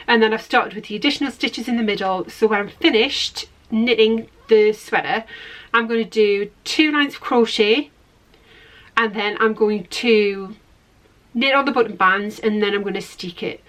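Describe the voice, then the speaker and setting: Chatty middle-aged woman, slightly high voice. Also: a bit bright. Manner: rambling, chatty and self-deprecating; shows knitting to the camera while talking. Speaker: knitting podcast host. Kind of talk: casual chat.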